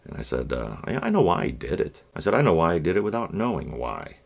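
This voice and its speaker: A middle-aged man vlogging, telling a rambling personal story in a blunt, profane way with wry asides and lots of halting restarts. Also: low voice, sing-song, creaky. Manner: halting, with many fillers and restarts.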